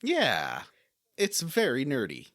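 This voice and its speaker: Male podcast co-host, excitable rambler, very animated pitch. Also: slow, dry recording, studio quality. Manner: rambling, enthusiastic, restarts. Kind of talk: casual podcast chat.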